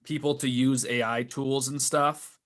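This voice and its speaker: On a casual podcast, a middle-aged guest who makes creature puppets shares stories, sounding animated and fed up. His voice is mid-range and his delivery unhurried.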